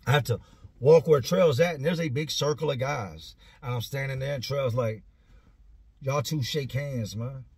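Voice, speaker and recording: A man tells a story from his own past in a loose, animated way and swears freely. His voice is husky and sits at a middle pitch. The recording is dry, with no room sound. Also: normal speed, no echo. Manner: animated, profane, conversational storyteller. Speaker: vlogger telling prison stories. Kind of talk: casual storytelling.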